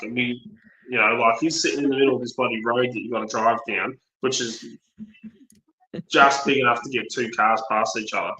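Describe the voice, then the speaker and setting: A man with an Australian accent chatting casually on a video call, blunt and quick to swear as he tells stories. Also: medium pitch, steady tone, sharp tone. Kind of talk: casual chat. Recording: roomy sound.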